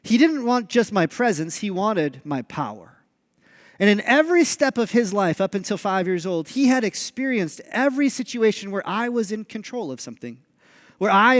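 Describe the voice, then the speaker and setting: Male pastor, high voice, lively storyteller, reverberant church hall. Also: brisk. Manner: animated storyteller, acts out dialogue. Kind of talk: sermon. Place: church sanctuary.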